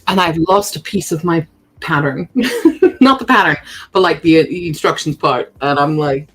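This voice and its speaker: A woman chatting casually on a live stream while she works, laughing often and answering chat in quick asides. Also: low-pitched, fairly bright tone, husky, soft background music.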